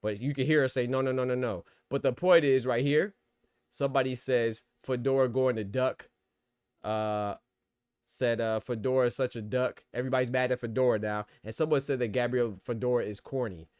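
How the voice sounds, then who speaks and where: A man's voice: medium pitch, fairly even intonation, moderate pace, darkish tone, clean tone, no room sound, clean studio sound. Slangy man hosting a boxing podcast. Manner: slangy, loose and conversational, reacting to chat. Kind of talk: casual podcast commentary reading live chat.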